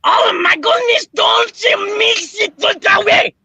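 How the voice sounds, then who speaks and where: A performer on a live stream doing a put-on German accent as a flustered, bumbling prison camp sergeant who keeps wailing and shouting. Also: extremely high pitch, slow pace, muffled recording, very noisy, heavily acted.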